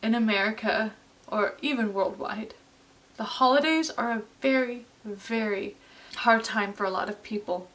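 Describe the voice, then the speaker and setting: A woman in her late twenties talking earnestly in a personal vlog, halting and heartfelt. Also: fairly high pitch, fairly bright tone, distant mic, poor audio. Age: late 20s. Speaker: vlogger.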